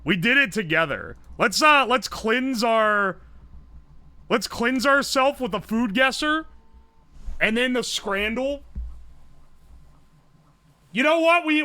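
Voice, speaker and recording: A man's voice: very high voice, sharp tone, no room sound. A young man streaming live, swearing, joking and thinking aloud as he guesses. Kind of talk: casual livestream commentary.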